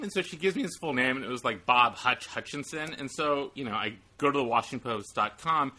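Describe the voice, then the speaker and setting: A man's voice: mid-range voice, fairly quick, few pauses, bright, forceful tone. A man in casual podcast chat, telling a wry, profane anecdote in a laid-back way.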